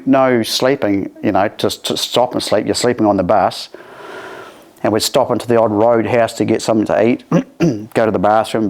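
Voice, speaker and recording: A man with a New Zealand accent telling a story from his life in a conversational way, acting out the dialogue. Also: fairly low pitch. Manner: animated, acts out dialogue with raised voices.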